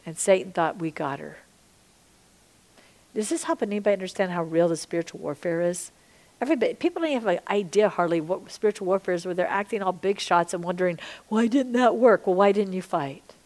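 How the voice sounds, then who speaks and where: A middle-aged woman teaching a sermon-style podcast, impassioned, dropping to hushed whispers and rising to loud emphasis. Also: lowish voice, fast talker. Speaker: Christian teacher and minister.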